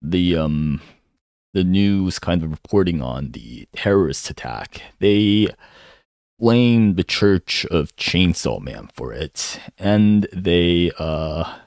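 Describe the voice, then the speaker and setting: Male commentator with a low voice and lively pitch swings. Unhurried and rambling, recorded dry. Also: creaky, no echo. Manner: rambling, hums filler syllables while thinking. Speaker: manga commentator. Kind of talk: casual solo chapter breakdown.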